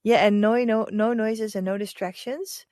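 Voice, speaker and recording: A woman with a Dutch accent, a hypnotherapist guiding a group through a calm, slow meditation. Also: no room sound, studio quality. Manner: soft, lowered hypnotic voice in the guided part; chatty, warm welcoming with many fillers. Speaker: hypnotherapist leading a group session. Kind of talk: casual chat, then slow guided meditation.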